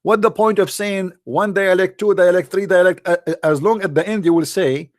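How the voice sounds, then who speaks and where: A man speaks to his audience in a sarcastic, mocking monologue, his English halting and non-native. His voice sits somewhat high, and the sound is dry, with no room around it. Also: no room sound. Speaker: online commentator.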